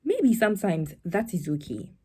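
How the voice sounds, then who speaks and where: A young woman poet talks a live audience through her poem. Her voice sits a little low and sounds mellow and warm. She speaks in a reflective, conversational way and now and then acts out other people's words in a brighter tone. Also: sing-song, moderate pace, husky. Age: young adult. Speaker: spoken word poet.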